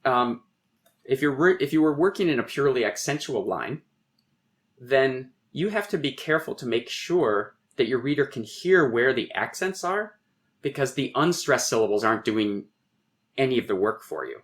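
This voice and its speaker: A middle-aged poet being interviewed on a podcast, explaining in a professorial way and thinking aloud with frequent restarts. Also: male voice, medium pitch, lively intonation, moderate pace. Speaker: poet and guest.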